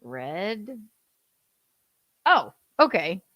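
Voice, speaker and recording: A woman's voice: lowish voice, very animated, extremely slow, dry recording, dull audio. A woman hosting a casual livestream, talking sarcastically with swearing and laughing asides. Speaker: livestream host. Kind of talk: casual commentary chat.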